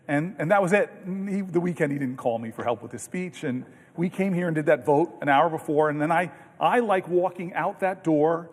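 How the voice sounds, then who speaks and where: Man in his fifties, higher-pitched voice, animated anecdotes, long reverb of a big chamber. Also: a little fast. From United States. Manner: storytelling, animated, self-interrupting with restarts. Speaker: senator. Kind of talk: long speech on a legislative floor. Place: large legislative chamber. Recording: distant mic in a reverberant chamber.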